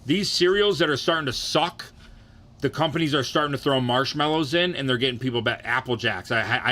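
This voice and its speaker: A young man talks in a casual stream, excitable and profane, tripping over his own restarts. His voice sits at an ordinary male pitch but sounds bright and forceful. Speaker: streamer ranking cereals. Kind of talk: casual ranking chat.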